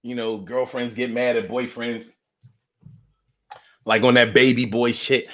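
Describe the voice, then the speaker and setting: A man hosting a casual stream reads viewer comments and replies in an animated, joking, swear-heavy way, his volume swinging from loud outbursts to low mutters. He talks a little slowly and pauses often.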